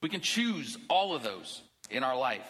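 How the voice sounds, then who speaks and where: A middle-aged man, a pastor, preaching a sermon in a church in a relaxed, conversational way, with jokes and asides. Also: medium pitch, measured pace, in a large hall, low-quality recording. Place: church sanctuary.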